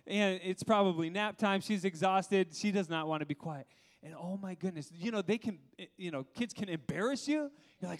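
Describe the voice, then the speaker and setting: A pastor in his thirties delivers a sermon with a notably high voice for a man. He keeps it lively, laughs along the way and often turns to the congregation with questions. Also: moderate pace.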